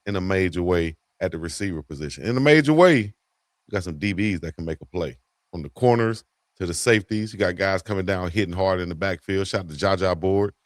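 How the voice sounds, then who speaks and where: A man's voice: sits low, no room sound, clean studio sound. A man co-hosting a casual sports talk show, laid-back and fond of repeating a catchphrase. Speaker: co-host.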